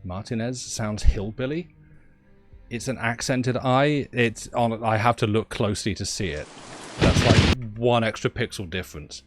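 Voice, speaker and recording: A man's voice: medium pitch, unhurried, music in the background. A British man chatting casually on a game stream, rambling and wry about himself. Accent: British English. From Britain. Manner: rambling, self-deprecating, wry. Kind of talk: casual live-stream chat.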